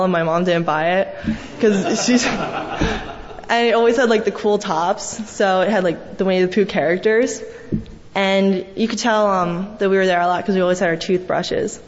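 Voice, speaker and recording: Young woman giving a rambling eulogy. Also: mid-range voice. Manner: fond rambling storytelling with many fillers. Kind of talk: memorial eulogy. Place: large church. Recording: echoey hall, dull sound, faint hiss.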